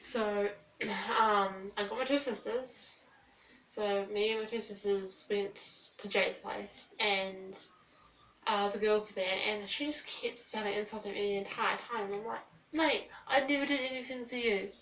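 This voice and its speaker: A young woman retells a personal story in a subdued, halting way, full of ums. Her voice stays flat and level. She sits back from the mic in an echoey room, with a faint hiss underneath. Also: medium pitch, recorded from a distance. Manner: quiet, hesitant, filler-laden retelling. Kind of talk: storytime vlog.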